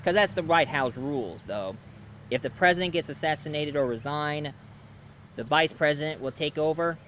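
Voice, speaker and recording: A man's voice: a little high, normal speed, a bit bright, slight background noise. Rambling male movie reviewer. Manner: rambling, lots of fillers.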